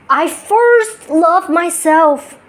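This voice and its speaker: A spiritual vlogger with a non-native English accent and a very high voice sits on her bed talking to her phone. Her self-help monologue is reflective, and she often starts over and laughs at herself.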